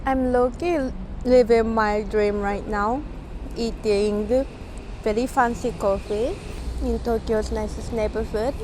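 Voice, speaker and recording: A woman's voice: fairly high pitch, steady tone, takes it slowly, low-quality recording. A woman with a Japanese accent chatting casually in English as a vlogger, rambling with lots of fillers, recorded outdoors on city streets. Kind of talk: casual vlog chat. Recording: loud street and traffic noise.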